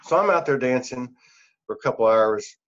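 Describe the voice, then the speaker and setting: A man's voice: medium pitch, animated, normal speed, fairly bright tone, lo-fi sound. A middle-aged man, a podcast guest, telling a personal story in an earnest, rambling way, laughing often and using many fillers. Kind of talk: casual storytelling.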